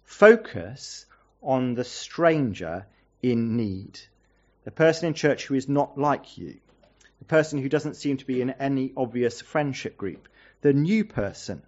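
A man's voice: medium pitch, animated, measured pace, darkish tone, muffled recording. A man preaching a sermon as a visiting pastor, earnest and asking the congregation rhetorical questions.

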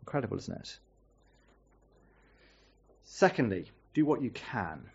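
A man's voice: fairly low pitch, big pitch swings, unhurried, vocal fry, darkish tone, slightly rough, highs cut off. Man preaching with earnest rhetorical questions. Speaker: visiting pastor. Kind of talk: sermon.

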